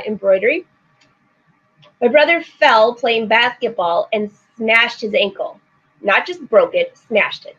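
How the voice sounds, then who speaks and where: High-pitched chatty lady hosting a sewing livestream, laughs a lot, kinda dull lo-fi audio. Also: fairly bright tone. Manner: chatty, laughing, reads viewer comments aloud. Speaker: sewing show host. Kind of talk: casual live-stream chat. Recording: slightly dull lo-fi stream audio.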